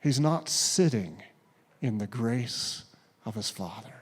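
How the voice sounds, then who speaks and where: Male pastor, sermon delivery, slow measured pace, voices the quotes, drops to a near hush for emphasis. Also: medium pitch, expressive, slightly rough. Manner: storytelling with acted quotes, dropping to a hush at key points.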